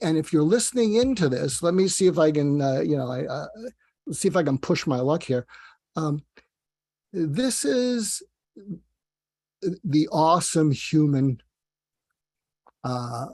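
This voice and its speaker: A man's voice: fairly high pitch, very animated, normal speed, vocal fry, dark tone, no room sound, studio quality. A man speaking as a psychiatrist guest on an interview, rambling and self-deprecating, telling stories with asides. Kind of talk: casual interview talk.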